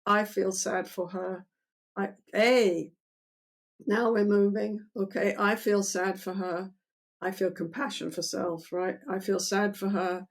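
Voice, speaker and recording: An older woman therapist explaining her methods in an interview, animated, acting out lines of dialogue between client and therapist. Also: mid-range voice, slow.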